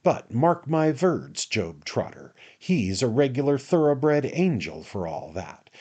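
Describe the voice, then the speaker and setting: A man's voice: mid-range voice, sing-song, slow, darkish tone, breathy edge, voice pushed up, exaggerated voice. A man voicing a brash, emphatic young manservant in a storybook reading. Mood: brisk, emphatic. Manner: emphatic, bossy, argumentative.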